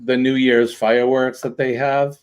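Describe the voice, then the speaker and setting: A man's voice: mid-range voice, little pitch movement, moderate pace, clear, resonant tone. A man hosting a casual livestream, rambling with lots of ums and uhs. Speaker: livestream host. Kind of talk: casual live chat.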